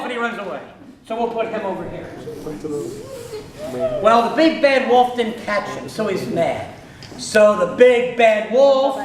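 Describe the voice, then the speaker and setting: A man's voice: very high voice, moderate pace, crowd noise. A man telling a story to children in a playful manner, asking his listeners questions, heard in an echoey room with listeners around.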